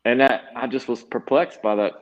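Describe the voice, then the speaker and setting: Halting Southern man on a dull line. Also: medium pitch, steady tone. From American South. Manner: halting, many fillers and repeats. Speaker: guest. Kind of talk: casual storytelling interview. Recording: dull remote connection.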